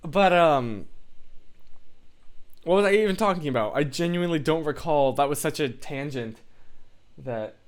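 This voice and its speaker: A man's voice: fairly high pitch, expressive, normal speed, pauses often. A young man hosting a casual livestream, chatting and reacting to viewer comments in a rambling way, full of tangents and fillers. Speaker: livestream host.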